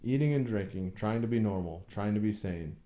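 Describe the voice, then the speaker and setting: Guy doing a bitter tormented husband from a novel, low and dark, echoey room. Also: animated, fairly quick, lightly acted. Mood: brooding. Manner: brooding, bursts into bitter anger. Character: tormented older English husband, man.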